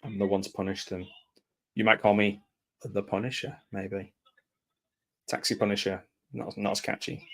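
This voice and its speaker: Low-voiced man chatting over a film. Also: steady tone, moderate pace, long pauses. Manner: chatty, reacting aloud, drops into quiet mumbled asides. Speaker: film commentator. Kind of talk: casual live film commentary.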